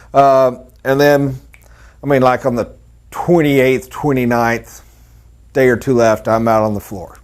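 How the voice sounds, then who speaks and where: Folksy middle-aged man with Texas accent. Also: medium pitch. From Texas and Oklahoma. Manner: folksy storytelling, acts out customers' voices. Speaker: sales trainer. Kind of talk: sales training talk.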